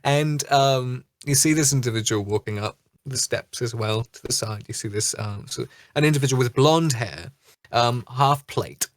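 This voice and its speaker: A man narrating a tabletop game as dungeon master in a mid-pitched voice. He talks in a relaxed, hesitant way with plenty of fillers. The sound is dry and close. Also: normal speed, no room sound.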